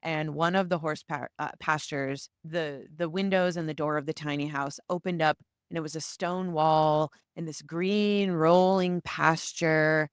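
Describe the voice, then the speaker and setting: An American woman hosting a solo podcast, telling stories in a chatty, animated way. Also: deep voice, unhurried, hardly any pauses, clear, resonant tone, no echo, clean studio sound. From United States. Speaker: podcast host.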